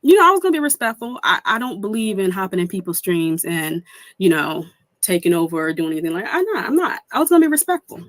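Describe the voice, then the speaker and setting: A woman's voice: medium pitch, sing-song, quick pace, dry recording. A young woman streamer giving heated commentary, indignant and swearing, mimicking people she quotes.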